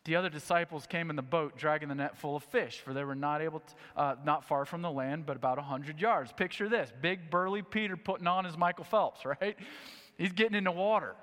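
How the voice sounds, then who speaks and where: A man preaching a sermon, reading scripture and acting out the story with lively asides. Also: fairly high pitch, fairly quick, long reverb tail. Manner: animated storytelling, acting out scenes. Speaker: pastor.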